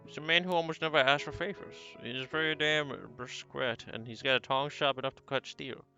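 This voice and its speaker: A man's voice: fairly high pitch, fairly even intonation, brisk, bright, forceful tone, lo-fi sound, soft background music. A man doing a chatty old shopkeeper. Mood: confiding.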